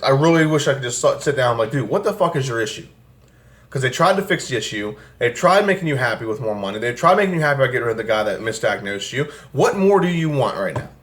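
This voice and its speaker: A man's voice: mid-range voice, expressive, fast. A young man hosting a fan channel, ranting angrily and with a lot of swearing about his football team from a room at home. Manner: angry, profane, exasperated ranting. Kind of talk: ranting sports commentary vlog. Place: home room with air conditioner.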